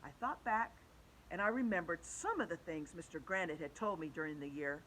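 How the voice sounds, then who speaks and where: A woman reads a children's storybook aloud with an animated, sing-song delivery that rises and falls a lot. Her tone is bright and clear. She shifts her voice for each character. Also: on the low side, fairly quick, slight background noise, low-quality recording. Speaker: children's book reader.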